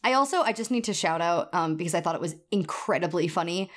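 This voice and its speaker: A woman co-hosting a podcast in casual chat, animated and acting out the quotes she retells. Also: fairly low pitch, quick pace. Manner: animated, acts out quoted lines. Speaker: podcast co-host.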